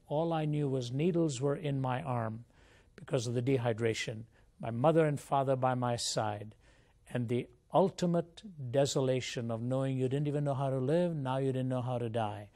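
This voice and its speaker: A man's voice: medium pitch, normal speed, warm tone. An older man from India, a Christian apologist, telling his life story as an interview guest in an earnest, reflective way.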